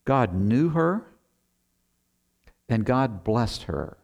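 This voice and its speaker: A middle-aged man preaching a sermon, reading scripture slowly and deliberately, then explaining it in an earnest, conversational way with rhetorical asides. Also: mid-range voice, big pitch swings, gravelly, darkish tone.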